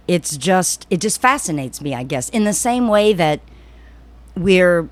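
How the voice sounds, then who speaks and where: A woman co-hosting a casual talk show, reflective and animated, sometimes quoting people in put-on voices. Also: on the low side, measured pace. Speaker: podcast co-host. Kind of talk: casual conversation.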